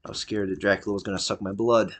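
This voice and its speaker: A man giving casual let's-play commentary, excitable, swinging between mumbled jokey asides and yelling at his game character. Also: fairly low pitch, fast talker. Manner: jokey self-talk with wordplay. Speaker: gameplay commentator.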